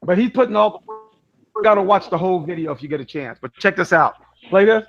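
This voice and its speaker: A man's voice: sits high, animated, quick pace. A man hosting a casual online panel chat, eagerly urging the others to check out a video. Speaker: host sharing a video. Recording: lo-fi online call audio.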